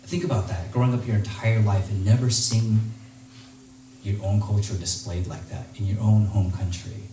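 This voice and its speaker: A man's voice: lowish voice, far from the mic, a little hiss or hum. Man telling stories in an echoey hall. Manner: animated, acts out quoted voices. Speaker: speaker giving a talk. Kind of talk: storytelling talk to an audience. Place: large hall with audience.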